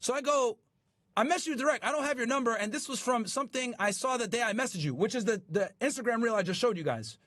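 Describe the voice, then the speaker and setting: A male show host with a very high voice that swings widely as he retells a story to his live chat. He is animated, swears freely and sounds incredulous. The sound is dry and close, with no room around it. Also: fast talker, dry recording. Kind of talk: casual commentary to a live chat.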